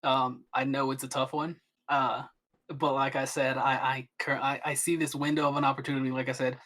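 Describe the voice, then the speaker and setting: A man's voice: mid-range voice, little pitch movement, a little fast, fairly bright tone. A young man chatting as a podcast guest, rambling with many restarts and fillers. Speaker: guest streamer. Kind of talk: casual podcast chat.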